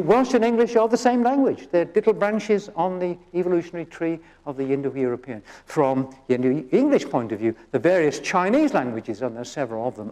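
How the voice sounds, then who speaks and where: A man's voice: a little high, darkish tone. An older man, a genetics professor, giving a conversational public science lecture, often restarting phrases and checking in with "okay?".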